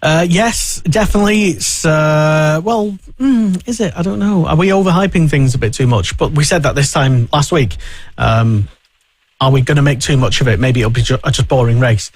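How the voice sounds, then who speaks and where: A man's voice: fairly high pitch, normal speed, no echo. A man hosting a casual motorsport radio chat, rambling and hesitant with lots of fillers. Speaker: radio show host.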